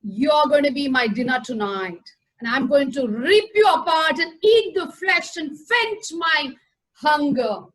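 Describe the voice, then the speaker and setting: A hungry storybook tiger growls threats and scornful laughter at his prey, played by a woman. He speaks slowly and deliberately, in a high-pitched voice. He is fierce and mocking toward the helpless cow. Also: expressive, a bit bright, poor audio. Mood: threatening.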